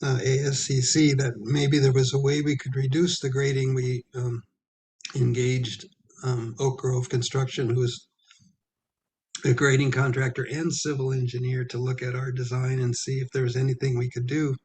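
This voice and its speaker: A man of middle pitch walks a town meeting through a project in a halting way, full of ums. He keeps clearing his throat as his voice is going. A faint hiss sits behind the recording. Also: flat delivery, darkish tone. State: losing his voice. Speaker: architect presenting to a planning commission. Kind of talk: public meeting presentation. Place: town hall meeting room.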